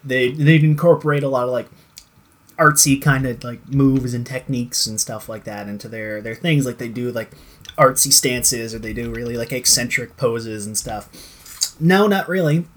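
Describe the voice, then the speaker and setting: In casual talk about a TV show, this male co-host rambles, full of fillers and false starts, cursing now and then. His voice is medium in pitch and fairly bright, delivered at a normal speed.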